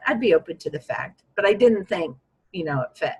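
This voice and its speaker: A woman's voice: medium pitch, lively intonation, normal speed, a little mellow, breathy edge, low-quality recording. A woman recounting a personal story in a conversation, candid and reflective, her voice lifting when she quotes her own past thoughts. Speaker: guest.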